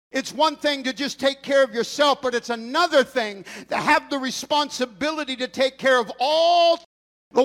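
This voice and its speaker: A man preaching a sermon in a church, passionate and building to shouted, almost sung lines. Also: extremely high pitch. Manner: impassioned preaching, rising to shouts and a sung cadence. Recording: long reverb in a large hall.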